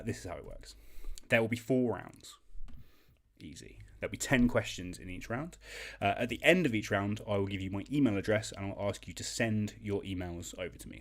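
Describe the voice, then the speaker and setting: A man hosting a relaxed online quiz from home, his voice sitting fairly low. He talks in a chatty, self-deprecating way, full of ums and little asides. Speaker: quiz host.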